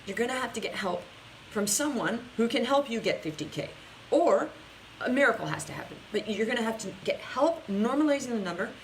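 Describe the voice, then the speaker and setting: A woman's voice: on the high side, lively intonation, brisk, slight background noise, rough recording. Upbeat woman coach on a live stream. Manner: upbeat, chatty, talks straight to viewers, frequent restarts. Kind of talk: casual live-stream talk answering viewer questions.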